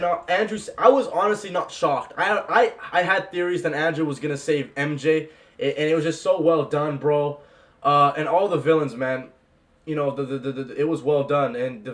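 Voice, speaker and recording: Gushing young man, excited movie reaction. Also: on the high side. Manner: gushing, repeats "bro" and "man", bursts into yells.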